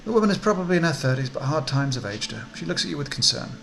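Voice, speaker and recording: Gravelly male let's play host reading text, mid pitch, faint hiss. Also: big pitch swings, fast talker, few pauses. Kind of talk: reading game text aloud.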